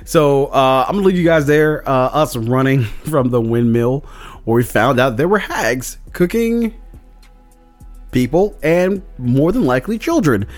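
A man's voice: medium pitch, expressive, unhurried, faint music behind. A man casually recapping his tabletop game session as a podcast host, rambling with lots of fillers. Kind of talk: casual chat.

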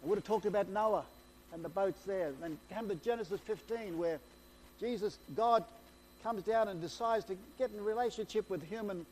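An excitable male preacher retells scripture as an eager story at a moderate pace, tripping over phrases and starting them again. His voice sits high yet sounds soft and mellow, with a faint hum and light noise underneath.

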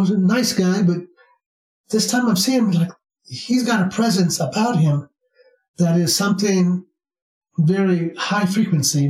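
A man's voice: high-pitched, a little mellow, recorded from a distance. A man telling a spiritual story in a rambling casual way, with many restarts and fillers. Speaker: spiritual teacher. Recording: roomy sound, from off mic.

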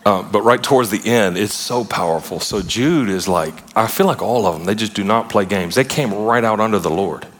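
A man preaching a sermon in a conversational style, breaking into animated asides and playful retellings. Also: fairly low pitch, normal speed, hardly any pauses. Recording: long hall reverb.

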